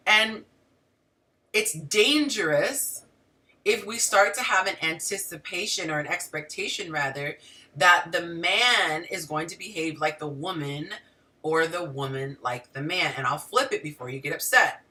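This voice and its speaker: Bright-voiced woman coach, slightly off-mic. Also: lowish voice, measured pace, recorded from a distance. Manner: animated, talks to the audience directly with frequent asides. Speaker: relationship coach and show host. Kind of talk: casual livestream talk to viewers.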